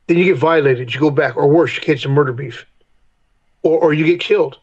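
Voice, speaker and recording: A man's voice: on the high side, fast, a little mellow, husky, lo-fi sound. A middle-aged man, a podcast guest, telling candid stories in a blunt, profane way and acting out heated confrontations. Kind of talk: candid storytelling interview.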